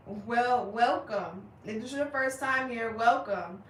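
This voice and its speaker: A young woman chatting casually with viewers on her livestream, animated and laughing as she acts out their reactions. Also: on the high side, takes it slowly, roomy sound, recorded from a distance, slight background noise, poor audio. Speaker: livestream host.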